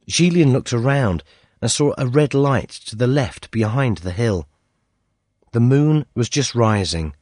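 Slow husky male storyteller. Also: medium pitch, no room sound, studio quality. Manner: measured, slow and expressive reading. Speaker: narrator. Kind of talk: storybook narration.

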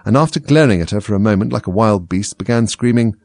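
Male storybook narrator: husky, expressive, dry close recording. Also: on the low side, fast, dry recording. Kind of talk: storybook reading.

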